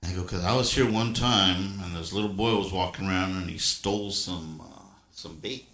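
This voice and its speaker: Low-voiced grandfather telling a folksy story. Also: moderate pace, hardly any pauses, a bit bright, echoey room. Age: older. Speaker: livestream host. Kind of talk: casual storytelling chat.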